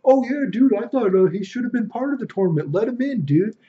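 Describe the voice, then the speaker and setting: A man's voice: very high-pitched, expressive, fairly quick, mellow, muffled recording, pitched above the performer's own voice. A man doing an eager, two-faced buddy.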